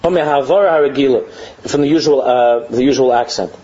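A man giving a religious lecture, reading lines of a text and translating them, animated and often mimicking mocking children with repeated phrases. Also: medium pitch, brisk, highs cut off. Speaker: Torah teacher.

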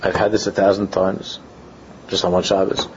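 A man teaching a Torah class, telling anecdotes and acting out dialogues, mixing Yiddish and Hebrew terms into his talk. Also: moderate pace. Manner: animated storytelling, acts out dialogues in pitch jumps. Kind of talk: Talmudic-style lecture with anecdotes. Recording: lo-fi recording with faint background noise.

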